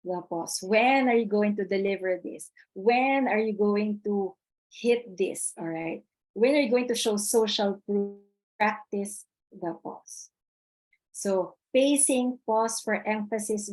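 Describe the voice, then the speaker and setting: A woman's voice: medium pitch, a little mellow, poor audio. A woman giving a live webinar on presentation skills, chatty, reading the chat aloud and repeating her key points.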